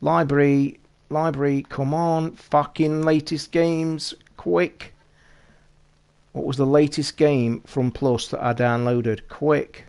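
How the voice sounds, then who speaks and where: A British man in the middle of a live stream, chatting straight to his viewers. His talk is casual and quick to excite, peppered with constant swearing and a rushed edge, sitting at an ordinary middle pitch for a man. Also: creaky, clean tone. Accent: British English. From United Kingdom.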